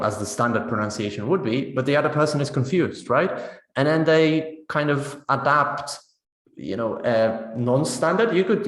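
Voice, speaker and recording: A man talks teachers through a pronunciation lesson in a loose, conversational webinar style. He keeps checking in with a quick "right?" as he goes, and his mid-pitched voice carries a roomy echo. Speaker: teacher trainer.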